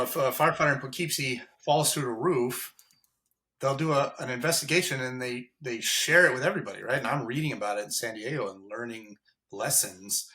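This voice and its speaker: A fire captain in a candid podcast interview, speaking in an earnest, impassioned way. His voice is bright and forceful and sits at an ordinary pitch for a man.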